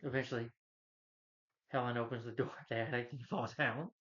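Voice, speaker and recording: A man's voice: medium pitch, steady tone, a little fast, fairly bright tone, muffled recording. A man casually retelling a film's plot in a rambling way as a movie reviewer. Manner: rambling, acts out quotes from the film.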